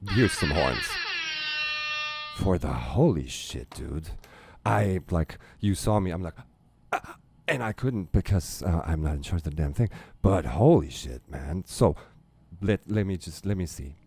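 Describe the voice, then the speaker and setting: A middle-aged German man, a native German speaker with a German accent, chatting casually and excitably in a rambling, profane way as a guest on a reaction video. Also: low-pitched, a little slow, vocal fry, slightly rough, no room sound.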